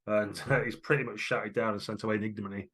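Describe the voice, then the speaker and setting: A man narrating as game master in a tabletop game, lively and wry. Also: lowish voice. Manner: lively, wry, quick asides.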